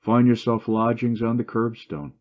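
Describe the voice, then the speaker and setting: A man reading as a loud, boisterous young brother who blusters and swears, in a story reading. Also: medium pitch, moderate pace, highs cut off, voice pushed up, lightly acted. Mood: blustering.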